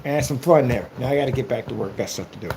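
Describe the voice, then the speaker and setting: A man's voice: mid-range voice, racing, creaky, darkish tone, slight background noise. A young man in a casual, boastful monologue, taunting his critics. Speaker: vlogger. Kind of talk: casual trash-talk monologue.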